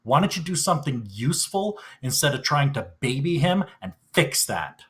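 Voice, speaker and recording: Roy is a gruff survivor with no patience for coddling, voiced by a man at a tabletop game. He speaks bluntly and scornfully in a bright tone. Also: a little high, sing-song, normal speed.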